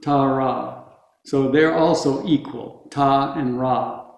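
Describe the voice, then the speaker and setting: A man teaching a group how to pronounce words, slowly and patiently, repeating each word for them to echo back. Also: medium pitch, fairly even intonation, creaky. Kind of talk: teaching Sanskrit pronunciation to a group. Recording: very echoey room.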